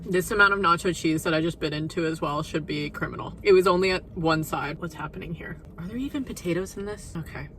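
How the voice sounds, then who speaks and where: A woman's voice: lowish voice, quick pace, few pauses, noisy background. A young woman talking casually to camera in a vlog, full of "like" and "you know". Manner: chatty, peppered with "like" and "you know". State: out of breath after walking uphill. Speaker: vlogger.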